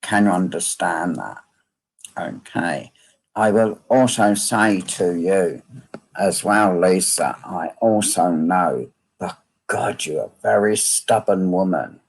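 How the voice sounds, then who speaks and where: A man gives a live medium reading in a slow, unhurried voice. His tone is gravelly and husky, and he keeps asking the listener whether they understand. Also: low voice. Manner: slow, repetitive phrasing, asking "can you understand this?".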